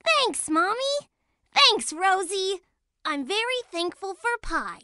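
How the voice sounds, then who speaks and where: Caillou, a bright 4-year-old boy. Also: very high voice, very animated, takes it slowly, no room sound, clean studio sound, full character voice. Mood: cheerful. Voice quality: bright childlike.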